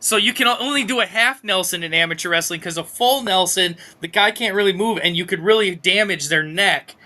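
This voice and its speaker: A man's voice: high voice, a little fast, bright, forceful tone. A man as a podcast guest in casual chat, eagerly explaining facts.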